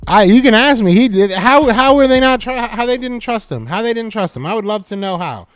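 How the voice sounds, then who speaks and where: A man's voice: high voice, a little fast, clear, resonant tone, soft background music. A man hosting a sports talk live stream, answering his chat with teasing jabs that he repeats several times. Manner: animated, talks back to chat commenters. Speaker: podcast host.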